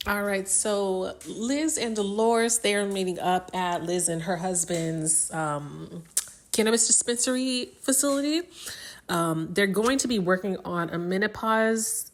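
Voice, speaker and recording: A woman's voice: medium pitch, measured pace. A young woman recapping a reality show in casual chat, with lots of "um" and "like". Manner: chatty, many fillers like "um" and "like".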